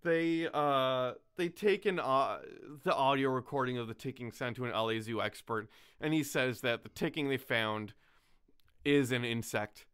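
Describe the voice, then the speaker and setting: Male podcast host, mid pitch, rambling casual chat with frequent laughter. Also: moderate pace, fairly bright tone, smooth. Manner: rambling, laughing often, filler-heavy.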